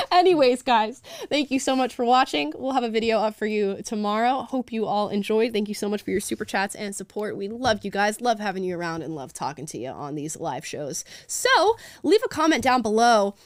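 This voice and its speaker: A woman's voice: medium pitch, lively intonation, moderate pace, no room sound, studio quality. A woman hosting a live talk show, reading viewer comments aloud in an upbeat, chatty way and laughing often.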